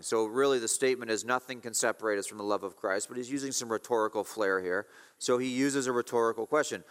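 Male pastor, mid-pitched, emphatic sermon delivery with repeated key phrases, long hall reverb. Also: fairly bright tone. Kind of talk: expository sermon.

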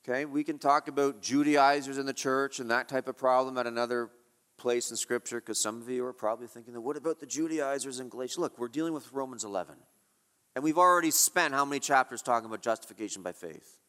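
A man's voice: medium pitch, quick pace, a bit bright, big-room sound. A man preaching an expository sermon, emphatic and rhetorical, asking questions and repeating key phrases.

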